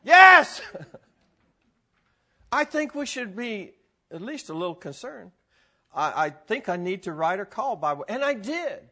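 A man leads a Bible class in a high, bright voice that leaps up and down as he gets worked up. He laughs often and breaks into sudden exclamations, talking to the people in the room. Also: sing-song, moderate pace, husky. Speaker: Bible teacher. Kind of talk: animated teaching to a live group.

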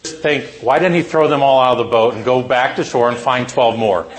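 A man preaching a sermon to teachers, telling a story with rhetorical questions and lively asides. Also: medium pitch, a little fast.

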